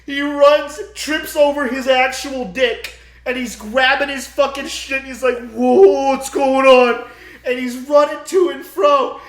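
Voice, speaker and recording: Animated, profane young man retelling a movie. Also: sits high, echoey room. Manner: animated, profane storytelling with loud acted-out screams. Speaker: podcast co-host. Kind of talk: casual chat, retelling a movie plot.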